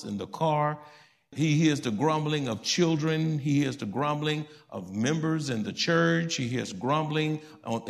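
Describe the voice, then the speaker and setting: A pastor with vocal fry preaches a sermon to his church congregation. He poses questions to them and builds toward emphatic high points.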